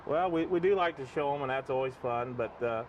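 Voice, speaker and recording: A man's voice: mid-range voice, fairly quick, recorded from a distance, a little hiss or hum, rough recording. A middle-aged man, a dairy exhibitor, answering in a rambling, homespun way with many fillers. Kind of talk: interview answers. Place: outdoor fair cattle barn.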